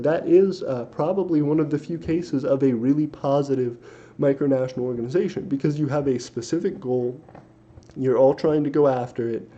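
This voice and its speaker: A young livestream host with a dark, medium-pitched voice reads viewer comments aloud in casual chat. He rambles, correcting himself and using lots of fillers, and the stream audio is dull and lo-fi with a faint hiss.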